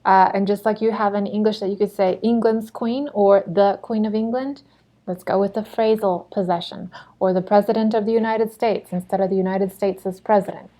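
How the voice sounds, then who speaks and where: A woman's voice: mid-range voice, fairly even intonation, moderate pace, warm tone. A woman teaching a Spanish lesson. She explains patiently in English, models Spanish phrases, and corrects herself as she goes. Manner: self-correcting, conversational. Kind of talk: recorded lesson lecture.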